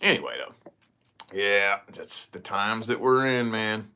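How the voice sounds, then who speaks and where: With a fairly low, unhurried voice and a little hiss or hum on the recording, the vlogger addresses his camera casually, swearing and wandering through animated tales.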